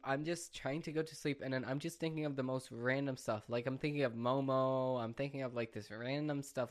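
A young man talking on his own in a rambling, self-mocking way, often laughing at himself. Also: mid-range voice. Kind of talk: casual solo chat.

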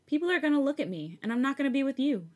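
A woman's voice: sits high, very animated, rapid-fire, a little mellow, voice pushed up. A woman reading the lines of a confident, teasing young man in a slightly raised voice.

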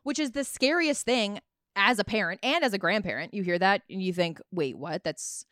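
A woman's voice: mid-range voice, a little fast, fairly bright tone, clear, resonant tone, no room sound, clean studio sound. A woman co-hosting a podcast, chatting casually, reacting and joking. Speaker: podcast co-host. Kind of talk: casual chat.

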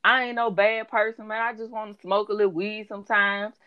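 A woman doing a slow-drawling laid-back guy. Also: medium pitch, level tone, dull audio, natural voice. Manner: slow drawl, street slang. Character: slow-talking laid-back young man client.

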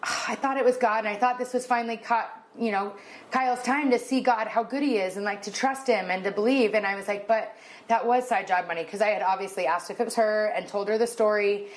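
A woman's voice: mid-range voice, quick pace. Emotional woman telling a story. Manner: animated, acts out dialogue in a raised voice. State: emotional, near tears. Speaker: podcast co-host. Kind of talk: casual storytelling chat.

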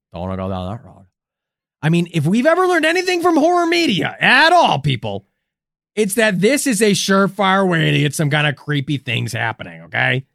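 A man co-hosting a comedic paranormal podcast, jokey and theatrical, swinging his pitch around for effect. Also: no echo, studio quality. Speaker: podcast co-host.

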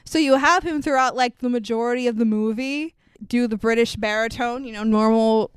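A woman hosting a casual movie review podcast, animated and laughing often, swearing freely. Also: fairly high pitch, a little fast, clear, resonant tone, no echo. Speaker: podcast host.

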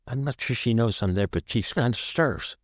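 A man's voice: mid-range voice, moderate pace, no echo, clean studio sound. A man from the American Southwest, an author guest on an interview show, recounting a painful personal story in short, vivid present-tense sentences.

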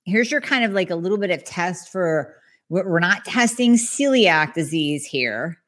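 A woman podcast host, a health practitioner, talking through lab results in a lively, conversational way. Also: lowish voice, a little slow. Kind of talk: casual explanatory podcast talk.

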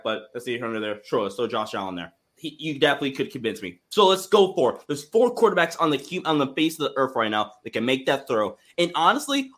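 A man co-hosting a casual sports talk show, excitable and rambling, often restarting his sentences. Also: mid-range voice. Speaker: co-host.

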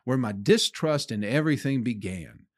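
A man's voice: medium pitch, animated, normal speed, dry recording, studio quality. A man hosting his own comedy podcast, delivering a rambling, profane monologue that he aims at listeners he calls people. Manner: acts out his own inner voice in quotes.

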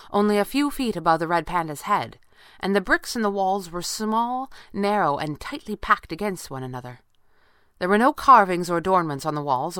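Low-voiced woman narrating an audiobook. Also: clear, resonant tone, no room sound, studio quality. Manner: steady, measured storytelling.

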